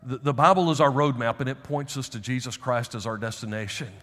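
A man preaching a sermon as pastor, emphatic, slowing down to stress key phrases. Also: medium pitch, fairly bright tone, long reverb tail.

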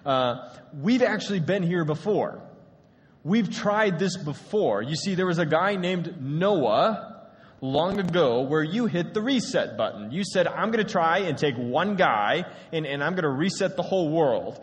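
Moses, a calm persuasive prophet, as a preacher puts him on. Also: male voice, on the high side, measured pace, big-room sound.

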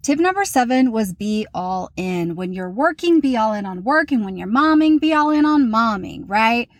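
A woman's voice: a little high, expressive, moderate pace, dry recording. A woman in her thirties hosting a solo podcast, talking candidly and chattily about her week and poking fun at herself. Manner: candid, chatty, self-mocking. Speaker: podcast host. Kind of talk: casual solo podcast talk.

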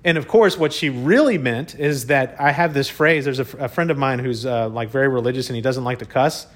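With a mid-range voice and a slightly fast pace, this man excitedly recounts something that happened to him. His casual monologue is full of stumbles, repeated words, "y'all," and light swearing.

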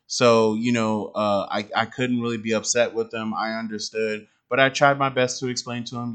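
A man's voice: on the low side, little pitch movement, moderate pace, few pauses, a bit bright, clean tone. A young adult man telling a personal parenting story in a casual monologue, rambling and slangy, with lots of fillers and restarts. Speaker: father podcaster.

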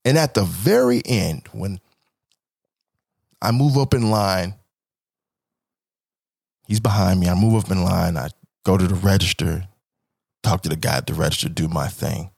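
A man's voice: low-pitched, measured pace, gravelly, long pauses, darkish tone, slightly rough, no echo, clean studio sound. A man from Kansas City, Missouri, hosting a podcast and telling a comic story, acting out voices and swearing freely. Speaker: podcast host.

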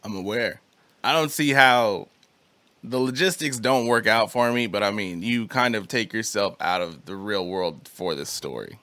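A young man co-hosts a podcast in casual conversation, speaking loosely, using slang and swearing freely at a normal speed. His voice sits fairly low but has a bright, forward edge. The recording is dry and close, with no room sound or echo.

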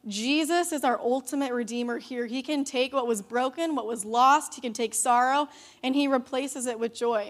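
Young woman, youth leader, high bright voice, chatty storytelling sermon full of "like"s. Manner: chatty, animated storytelling with many "like"s.

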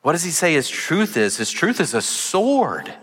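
Bright-voiced preacher in an echoing hall. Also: male voice, fairly high pitch, normal speed, breathy edge. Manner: lively storytelling, playful voices. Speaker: pastor. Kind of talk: sermon. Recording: long reverb of a large hall.

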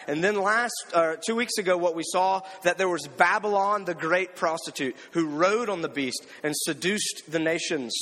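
A man preaching a sermon and reading scripture aloud. He talks conversationally, often asks "right?" and slows down on key words. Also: high-pitched, a bit bright. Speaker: pastor. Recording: long hall reverb.

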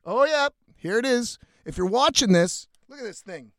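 A man's voice: extremely high pitch, lively intonation, moderate pace, a bit bright, no echo. A man telling a rambling, profane story in a casual way, speaking as the host of his own show. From Canada.

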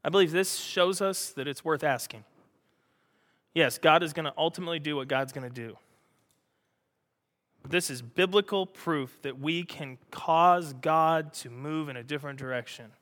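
A male pastor preaching a sermon, animated and joking, acting out the scripture he reads. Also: on the high side, moderate pace, in a large hall.

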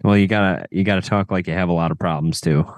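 A man's voice: sits low, fairly even intonation, fast talker, no room sound. A man co-hosting a podcast in casual chat, teasing and joking with the others. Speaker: podcast co-host.

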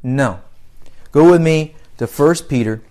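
A man preaching a sermon with emphatic, drawn-out phrasing and dramatic pauses, reading scripture aloud in a raised voice. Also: a little high, warm tone.

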